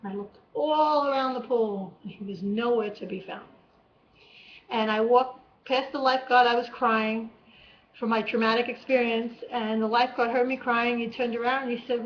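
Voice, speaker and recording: Woman, higher voice, earnest emotional testimony, muffled lo-fi sound. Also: fairly even intonation, normal speed. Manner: earnest, emotional retelling with quoted cries. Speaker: vlogger. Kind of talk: personal testimony storytelling. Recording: dull lo-fi home recording.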